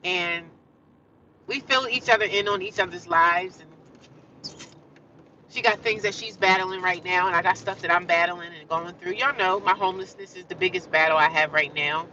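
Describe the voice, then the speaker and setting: A woman's voice: lowish voice, steady tone, moderate pace, pushed and bright, slight background noise. A woman chatting casually with viewers on a livestream, rambling and repeating herself. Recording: distant, slightly dull phone audio.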